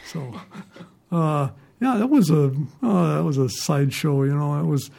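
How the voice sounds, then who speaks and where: Older male ex-reporter, mellow and fairly high, chuckling raconteur. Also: lively intonation, measured pace, creaky. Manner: rambling, chuckling anecdotes. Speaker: retired newspaper reporter. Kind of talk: storytelling in an interview.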